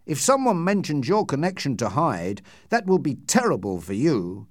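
A man's voice: fairly high pitch, huge pitch swings, moderate pace, dry recording, clean studio sound, pitched above the performer's own voice. A man reading the part of a worried middle-aged lawyer in an audiobook, asking earnest, pressing questions in a raised voice.

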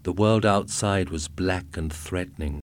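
A man narrating a story aloud in a steady reading voice. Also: low voice, measured pace, no echo, studio quality. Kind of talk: audiobook narration.

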